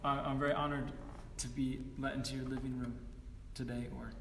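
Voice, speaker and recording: A man's voice: medium pitch, little pitch movement, brisk, fairly bright tone, roomy sound, in a large hall, recorded from a distance, slight background noise. A man in his forties, a musician chatting between songs at an online concert, rambling and self-deprecating with many fillers. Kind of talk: casual chat between songs.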